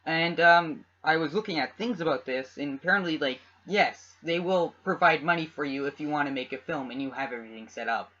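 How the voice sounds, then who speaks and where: A man's voice: fairly high pitch, brisk, few pauses, pushed and bright. A young man from Canada co-hosting a casual podcast, rambling and restarting his sentences often. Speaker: podcast co-host. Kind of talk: casual chat. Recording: dull lo-fi home recording.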